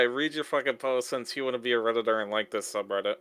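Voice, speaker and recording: A man's voice: mid-range voice, quick pace, fairly bright tone, clear, resonant tone, no room sound. Brash, swearing male podcast host. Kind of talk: casual group chat.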